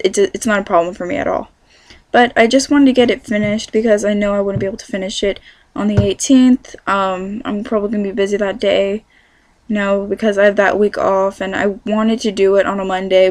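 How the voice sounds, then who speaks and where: A woman's voice: mid-range voice, darkish tone, no room sound. A young woman in her teens with a Californian accent, chatting casually to camera from her bedroom and rambling with plenty of self-corrections. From California, USA. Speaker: vlogger.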